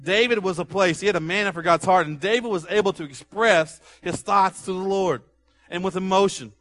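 Male pastor, fairly high, bright tone, emphatic, conversational sermon delivery. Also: brisk.

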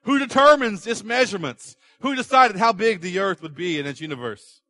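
A man's voice: sits high, lively intonation, a little fast, pushed and bright, dry recording, pitched above the performer's own voice. A man voicing God as a stern, sarcastic questioner who fires off demanding rhetorical questions.

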